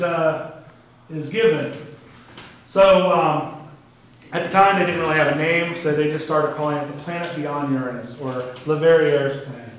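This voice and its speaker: A man giving a casual astronomy lecture to a club audience, talking through his slides with lots of fillers. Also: fairly high pitch. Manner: conversational, many fillers, says "kinda neat". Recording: very echoey room, faint background noise.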